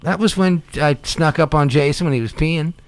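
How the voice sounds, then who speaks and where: Excitable laughing radio host, high voice. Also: male voice, moderate pace. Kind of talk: casual radio banter. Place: small local radio studio.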